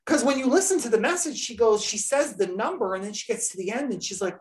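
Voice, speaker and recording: A woman with a voice on the high side talks fast as she hosts a podcast. She tells a long story in casual chat, an animated storyteller who acts out everyone she quotes.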